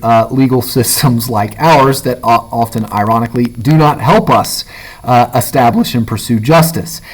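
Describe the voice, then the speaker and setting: A male teacher giving a recorded literature lecture, pausing often with "uh" and "all right?" and reading a passage aloud slowly. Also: medium pitch, rough recording. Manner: frequent fillers and "all right?" check-ins, reads passages aloud slowly. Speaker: high school English teacher.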